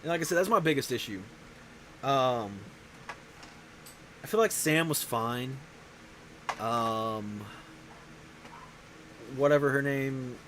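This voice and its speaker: A man's voice: mid-range voice, animated, slow, pauses often, a bit bright, slight background noise, poor audio. A man hosting a show, talking in a casual, rambling way, often restarting his sentences. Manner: rambling, self-interrupting. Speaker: show host. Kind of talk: casual chat.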